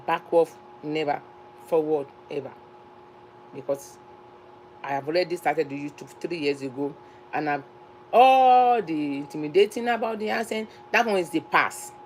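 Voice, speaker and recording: A woman's voice: deep voice, a little hiss or hum, rough recording. A woman with a Nigerian accent talking to camera in a casual vlog, emphatic and repeating herself for stress. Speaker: YouTuber.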